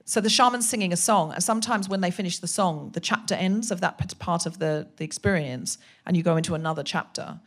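A woman guest on a podcast, telling a comic story in a casual, animated way, sometimes swearing and acting out voices. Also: fairly low pitch, fast, few pauses. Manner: animated, swearing, acts out voices in her anecdotes.

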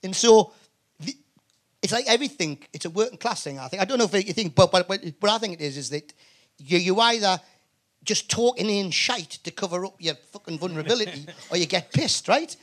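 Guest: Geordie comedian, high bright voice, salty storyteller, stumbles and restarts. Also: male voice, brisk. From Newcastle, England. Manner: animated storyteller, swears freely, many restarts. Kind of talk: anecdotal chat before a live audience.

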